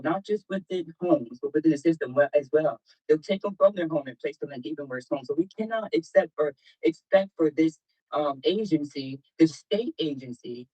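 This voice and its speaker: A man speaks earnestly in a casual discussion, his slightly high voice a little husky. The sound is dull and lo-fi, like a clip played back through a stream. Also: warm tone. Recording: lo-fi playback of a clip.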